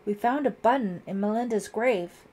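A woman's voice: fairly high pitch, normal speed, darkish tone, slight background noise, voice pushed up, lightly acted. A woman voicing an urgent teenage girl. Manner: demanding. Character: teenage girl with psychic visions. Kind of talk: audiobook character voice.

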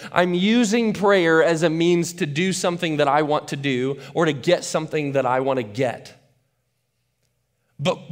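Animated conversational male pastor. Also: fairly high pitch. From not from West Michigan. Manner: conversational, animated, repeats words when restarting. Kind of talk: sermon. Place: church auditorium.

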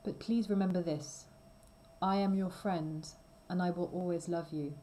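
A woman's voice: fairly low pitch, steady tone, measured pace, dark tone, a little hiss or hum, lightly acted, poor audio. A woman voicing Tristram, an earnest and loving young male knight, in a storybook read aloud.

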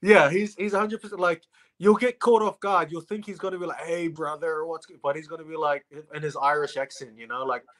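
Friendly rugby player, fairly high voice. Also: male voice, a little fast, fairly bright tone. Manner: friendly, chatty, laughs often. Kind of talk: casual interview chat.

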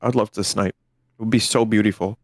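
An excitable man streaming a game, talking to his chat and his friends. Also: on the low side, fairly quick, no echo, clean studio sound. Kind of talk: casual gaming chat.

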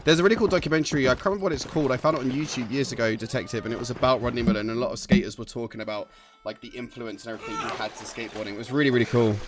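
A man's voice: mid-range voice, steady tone, rapid-fire, crowd noise. Swearing young man streaming a game. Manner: casual, swearing, laughs easily. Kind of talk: casual let's-play chat. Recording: voice over noisy game audio.

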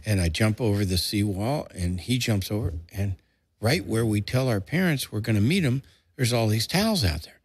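A man's voice: medium pitch, fairly quick, husky, dry recording, studio quality. An older man telling a family story casually, acting out what people said with a jump in his voice and a few curse words. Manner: lively storyteller who acts out quotes in a raised voice and swears freely. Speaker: storyteller guest. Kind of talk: casual anecdote told to a relative.

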